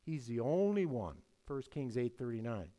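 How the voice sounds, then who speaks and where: A man preaching a sermon, swinging between hushed lines and loud emphatic ones. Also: mid-range voice, very animated, moderate pace. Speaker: pastor.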